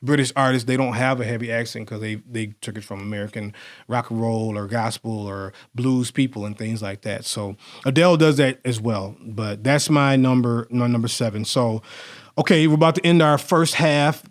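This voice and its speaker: A man co-hosting a podcast in casual chat, animated and rambling, often restarting his sentences. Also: medium pitch, moderate pace. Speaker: podcast co-host.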